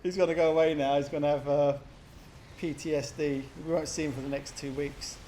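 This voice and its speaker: A man's voice: on the high side, fairly even intonation, a little fast, warm tone, slight background noise. Chatty man casting a game. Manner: chatty, laughs often, puts on silly voices for players. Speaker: game caster. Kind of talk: casual game commentary.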